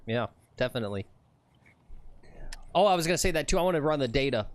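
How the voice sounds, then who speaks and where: A man's voice: medium pitch, lively intonation, fairly quick, long pauses. Joking man co-hosting a golf stream. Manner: joking, teasing, reads viewer comments. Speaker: co-host of golf livestream. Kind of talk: casual chat. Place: golf course outdoors.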